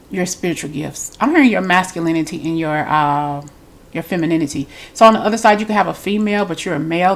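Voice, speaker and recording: A woman's voice: fairly low pitch, creaky. A woman with a congested voice, giving a chatty, loose spiritual reading straight to her viewers. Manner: chatty, loose, repeats herself. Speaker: tarot reader.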